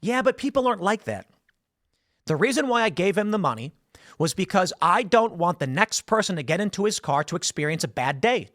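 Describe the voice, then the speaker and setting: Man, solo commentary host, storytelling, slightly high voice, dry close mic. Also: very animated, fairly quick, fairly bright tone, no echo. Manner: conversational storytelling, acts out quotes.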